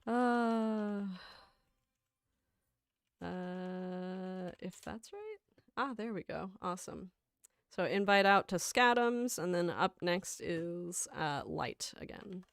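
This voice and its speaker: Woman streamer, unhurried and giggly, clear dry close-mic sound. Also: on the low side, lively intonation, no room sound. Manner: chatty and rambling, reads chat aloud, laughs often. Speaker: livestream host. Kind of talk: casual livestream chat while gaming.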